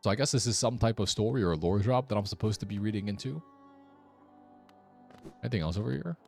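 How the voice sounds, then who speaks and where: A man with a deep voice talks through a game in a casual, wry way, muttering sarcastic asides. His pitch swings about as he reacts. Faint game music plays behind him. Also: lively intonation, quick pace, gravelly. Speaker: streamer. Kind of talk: casual gameplay commentary.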